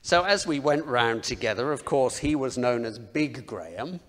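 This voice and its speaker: A man's voice: medium pitch, lively intonation, normal speed, fairly bright tone. A man preaching a sermon in a conversational, self-deprecating way, often asking the listeners rhetorical questions. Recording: long reverb of a large hall.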